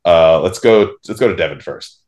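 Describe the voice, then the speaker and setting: A man's voice: low-pitched, moderate pace, a little mellow. A man hosting a casual podcast chat over a video call, joking and restarting his sentences as he talks. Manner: chatty, joking, stammers on restarts. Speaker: podcast host.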